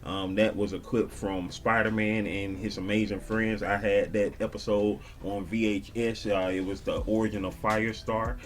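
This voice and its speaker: A man vlogging casually, shouting out viewers and reading their comments in a slangy, laid-back way. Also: lowish voice, level tone, moderate pace, hardly any pauses. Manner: slangy and laid-back, peppered with "you dig". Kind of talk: casual chat.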